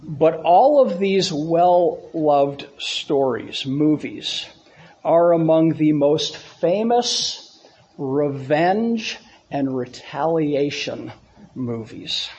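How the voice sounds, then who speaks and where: A man's voice: a little high, animated, extremely slow, a little mellow. A male pastor preaching a sermon to his congregation, repeating phrases for emphasis and asking the room questions. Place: church sanctuary with congregation.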